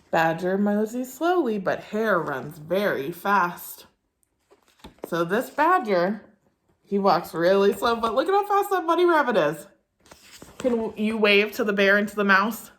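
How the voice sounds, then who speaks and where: A woman's voice: medium pitch, sing-song, measured pace, a bit bright. A young woman preschool teacher talking to small children and reading a picture book aloud in an encouraging, sing-song way.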